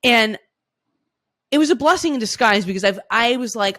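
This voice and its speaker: A woman co-hosting a podcast, telling stories casually with lively restarts and frequent laughs. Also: mid-range voice, moderate pace, long pauses. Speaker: podcast co-host. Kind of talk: casual conversational storytelling.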